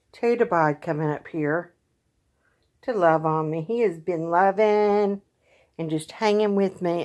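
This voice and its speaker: Tired, halting woman, lowish voice. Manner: soft, halting, with frequent sighs and pauses. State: tired and in pain. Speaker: vlogger. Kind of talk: casual personal vlog.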